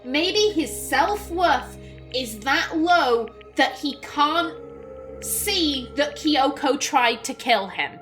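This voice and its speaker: A high-voiced woman comments on a game she is playing, exasperated and expressive, swearing freely. She talks at an unhurried pace, leaning on her words. Faint game music runs underneath. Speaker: let's play host.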